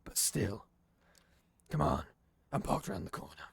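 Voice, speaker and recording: A man voicing a gruff, streetwise male vampire informant with a gravelly voice. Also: fairly low pitch, very animated, moderate pace, no echo, pitched below the performer's own voice, heavily acted.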